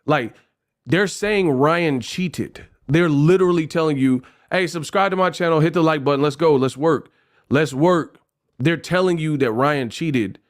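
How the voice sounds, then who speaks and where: A man hosting a casual livestream, talking in a lively way, rapping short rhymes and reading donation messages aloud. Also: medium pitch. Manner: animated, freestyles rhymes, reads donations aloud. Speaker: livestream host.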